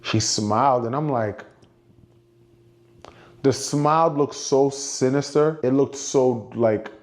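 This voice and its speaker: A man's voice: mid-range voice, slow pace, darkish tone. A middle-aged man casually telling a story on a podcast, retelling dialogue with frequent "I was like" asides. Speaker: guest storyteller.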